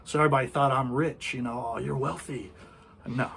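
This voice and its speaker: A man's voice: medium pitch, steady tone, brisk, gravelly, fairly bright tone, a little hiss or hum. A man from the United States, chatting casually and telling travel stories. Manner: storytelling, chatty. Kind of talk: casual chat.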